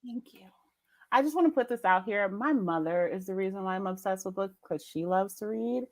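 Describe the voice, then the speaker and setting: A young woman hosting a casual live chat, animated and laughing often as she tells stories. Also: medium pitch, fairly quick. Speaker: host.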